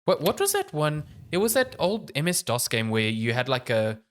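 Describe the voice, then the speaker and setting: A man's voice: a little high, very animated, moderate pace, a bit bright. A man of thirty co-hosting a gaming podcast, rambling in casual chat, trailing off mid-thought and swearing offhandedly. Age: 30s. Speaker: podcast co-host.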